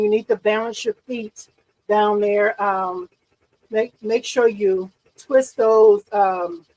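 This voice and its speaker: A woman's voice: medium pitch, low-quality recording. A bubbly, chatty woman, hosting a casual livestream and talking to her viewers. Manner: bubbly, excitable, chatty, often laughing. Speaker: livestream host. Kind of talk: casual live-stream chat with viewers.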